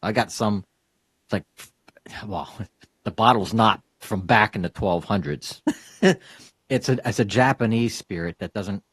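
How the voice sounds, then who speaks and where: A man's voice: lowish voice, unhurried, long pauses, a bit bright, breathy edge, no room sound. A man hosting a casual interview, rambling with fillers and laughing often. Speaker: podcast host.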